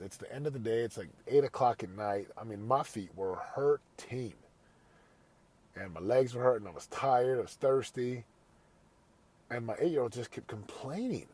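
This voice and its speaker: A man with a medium-pitched, warm voice hosts a motivational podcast. He's a father, and he earnestly tells a family story in a conversational way before turning it into a pep talk.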